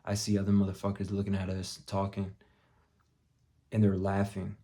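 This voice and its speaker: A young man vlogging, telling a story bluntly with plenty of swearing and dropping to a hush for his own thoughts. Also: low voice, monotone, normal speed. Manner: profane, blunt, drops to a muttered hush for quoted thoughts. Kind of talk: casual storytelling vlog.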